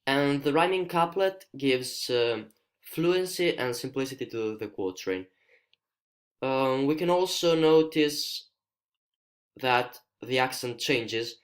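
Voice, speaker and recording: In a screencast lesson, an Italian-accented male student from Italy, a native speaker of Italian, talks through a poem in a medium-pitched, animated voice. He proceeds cautiously and hesitantly, stopping now and then to find the right words.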